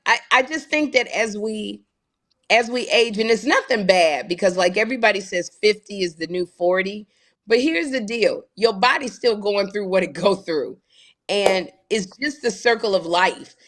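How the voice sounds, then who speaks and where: A woman in her fifties co-hosting a casual podcast, telling animated stories and acting out quoted dialogue. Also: medium pitch, moderate pace. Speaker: co-host.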